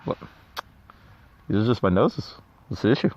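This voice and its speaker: Low-voiced playful man, lively. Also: normal speed, dull audio. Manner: playful, stays in character, bursts into high-pitched mock voices. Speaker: interviewed wrestler. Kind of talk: casual joking interview.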